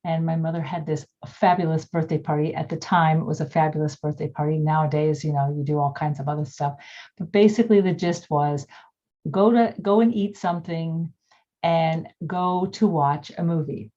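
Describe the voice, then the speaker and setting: An older woman reflectively telling a personal childhood story over a video call, pausing with many fillers. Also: sits low, dark tone, highs cut off. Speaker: workshop participant.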